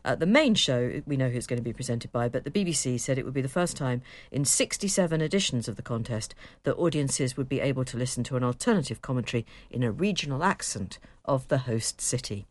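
A woman co-hosting a chat podcast, talking in a wry, brisk way. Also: rumbling low, animated. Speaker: co-host. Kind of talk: casual chat.

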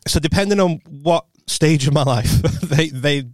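A man, co-hosting a podcast and telling stories in a casual, animated way, swearing freely. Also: fairly high pitch, normal speed, dry recording. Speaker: podcast co-host. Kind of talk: casual storytelling chat.

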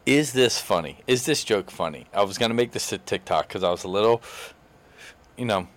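A man's voice: fairly low pitch, lively intonation, brisk, a bit bright. A young man hosts a casual vlog and chats with a friend in a playful way. He keeps laughing his way through his own joke. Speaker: vlog host, musician. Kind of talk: casual chat.

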